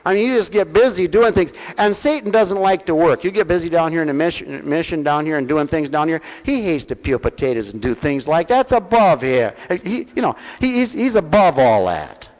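Male preacher with a slightly high voice, folksy and coaxing, dull recording in a reverberant hall. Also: sing-song, a little fast, few pauses, darkish tone. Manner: folksy, coaxing, calls listeners honey, call-and-response questions. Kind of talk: folksy sermon. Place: mission hall.

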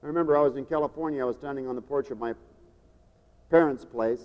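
A man preaching a sermon, turning emphatic on key phrases and dropping quieter for personal stories. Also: mid-range voice, fast talker. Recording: dull lo-fi tape in a long-echo hall.

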